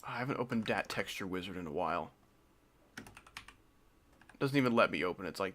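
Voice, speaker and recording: A man's voice: low-pitched, animated, brisk, a bit bright, a little hiss or hum. A young man streaming, chatting casually and joking, his voice sometimes trailing off into mumbles. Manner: rambling, joking, drifts into mumbling. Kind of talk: casual live-stream chat.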